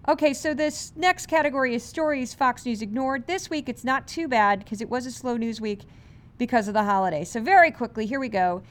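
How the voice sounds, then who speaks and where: Brisk sarcastic woman podcast host. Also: fairly high pitch. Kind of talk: media commentary podcast.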